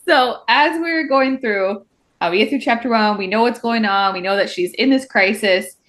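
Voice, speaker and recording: A woman's voice: fairly high pitch, moderate pace, a bit bright. A young woman co-hosting a book podcast, chatting casually and animatedly, acting out characters' lines as she recaps. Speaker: podcast co-host.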